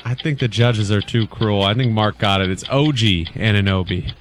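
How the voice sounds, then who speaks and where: A man co-hosting a sports talk show who gives relaxed, opinionated answers. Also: lowish voice, normal speed, faint music behind. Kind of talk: casual sports radio chat.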